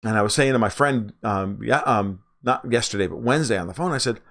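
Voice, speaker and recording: A man's voice: on the low side, brisk, a bit bright. Angry ranting man on a livestream. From United States. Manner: angry, exasperated rant with frequent profanity. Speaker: political commentator. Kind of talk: livestream monologue.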